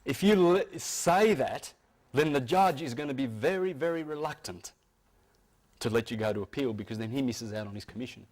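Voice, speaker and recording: A man's voice: mid-range voice, expressive, normal speed, a little mellow. A man giving a lecture to an audience, speaking emphatically and insistently, often restarting his sentences.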